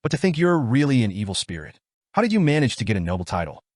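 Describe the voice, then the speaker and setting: A man's voice: mid-range voice, big pitch swings, fast, dry recording, studio quality. A man voicing a cold, shrewd noblewoman in a recap reading, keeping a cool, probing, matter-of-fact tone without much change from his own voice.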